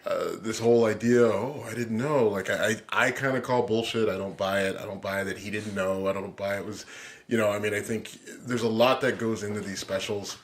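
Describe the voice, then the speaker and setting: Low-ish guy on a podcast, laid back, keeps going "i mean, like", studio chat. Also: steady tone, fairly quick. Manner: hesitant, many fillers and restarts, laid-back. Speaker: podcast co-host. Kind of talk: casual podcast banter.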